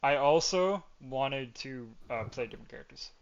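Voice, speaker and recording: A man's voice: mid-range voice, animated, moderate pace, muffled recording. A man hosting a podcast in casual chat, rambling and often ending his points with "right?". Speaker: podcast host.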